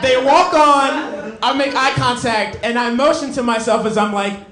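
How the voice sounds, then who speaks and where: A young adult man doing a stand-up set on a comedy club stage, telling stories in an animated way and breaking into emphatic shouts. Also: very high voice, measured pace. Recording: echoey club with crowd laughter.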